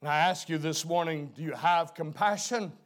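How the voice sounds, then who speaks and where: A middle-aged male preacher with a notably high voice delivers a sermon. His speech swings from hushed, low-key emphasis to loud, emphatic preaching. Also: moderate pace.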